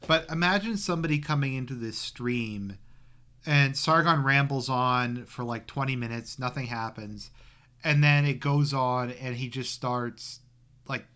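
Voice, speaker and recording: A man's voice: mid-range voice, unhurried, bright, forceful tone. A man giving crude, sarcastic reaction commentary over a stream, rambling with fillers. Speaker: commentary YouTuber.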